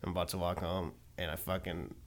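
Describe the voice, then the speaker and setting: A young man telling a short story in a laid-back, quiet way during casual chat. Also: deep voice, little pitch movement, fairly quick.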